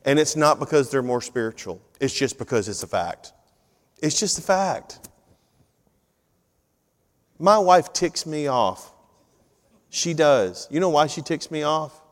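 A middle-aged man, preaching a sermon in a conversational, animated storytelling way. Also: a little high. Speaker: pastor. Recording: long reverb of a large hall.

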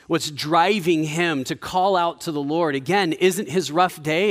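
A man preaching a sermon in a conversational way, with frequent restarts, dropping to a quiet low voice for emphasis. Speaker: pastor.

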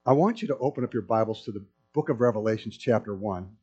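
Animated storytelling man preaching, lo-fi sound. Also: on the low side, fast talker, husky. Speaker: pastor. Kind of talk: sermon. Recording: dull lo-fi sound.

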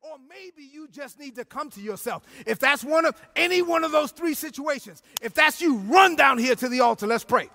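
A man preaching a sermon in a church sanctuary, shouting and sing-song in turns. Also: very high voice, expressive, moderate pace, gravelly, hardly any pauses. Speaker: pastor.

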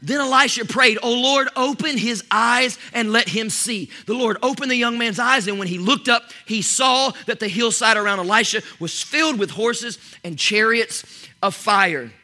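A man delivering a fired-up sermon in a high, very bright voice. He shifts from near-shouting to soft whispers and stumbles into quick restarts and repeated words as he builds momentum. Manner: animated, shifting between loud exclamations and soft whispers. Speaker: pastor. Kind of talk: energetic sermon.

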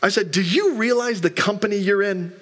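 A pastor in his thirties preaches to his congregation in a high, light voice. He talks in an easy, conversational way and tells stories from the pulpit. He often checks in with the room through quick rhetorical questions. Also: a bit bright. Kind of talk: sermon. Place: church sanctuary.

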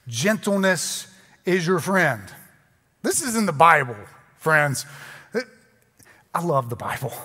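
Guy pastor giving a sermon, chatty and self-mocking, bit of a high voice. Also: fairly bright tone. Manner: conversational, joking, self-deprecating. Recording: long hall reverb.

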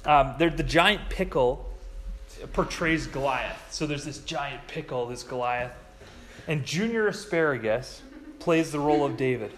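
Guy giving a sermon at church, kinda high voice, acts out the stories. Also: a little hiss or hum. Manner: animated storytelling, acts out quoted lines in a higher voice. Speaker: pastor.

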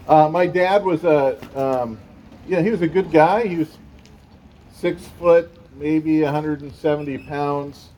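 Mellow-voiced pastor telling a story. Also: male voice, a little high, fairly even intonation, measured pace, a little hiss or hum, poor audio. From San Francisco Bay Area. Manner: conversational storytelling with fillers. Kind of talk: sermon with personal story.

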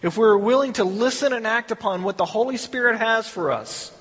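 A man's voice: high voice, fairly quick, fairly bright tone, breathy edge, long reverb tail. A man teaching a Bible study in a conversational sermon style, repeating words and adding asides.

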